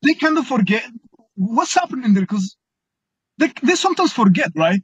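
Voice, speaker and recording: A man's voice: extremely high pitch, big pitch swings, moderate pace, breathy edge, dry recording, muffled recording. A man being coached about dating, speaking hesitantly and stammering through frequent restarts. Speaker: coaching client. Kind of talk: casual conversation.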